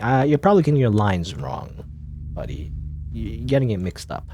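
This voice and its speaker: A man talks through a video game in casual let's play commentary, rambling and hedging with fillers. His pitch rises and falls in lively swings. He sits at a middling pitch and often reads the on-screen text aloud. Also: normal speed, background noise. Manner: rambling, hesitant, full of "like" and "you know".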